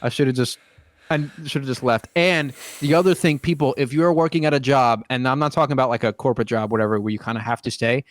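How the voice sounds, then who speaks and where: This young podcast host speaks quickly at a medium pitch, keeping his tone steady. The talk is casual and meandering, packed with curse words and filler, and the sound has no echo.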